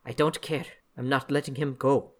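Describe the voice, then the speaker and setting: A man voicing a fiercely protective, stubborn female spirit in a put-on accent, speaking low and intense. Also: steady tone, normal speed, close to an everyday voice. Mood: defiant.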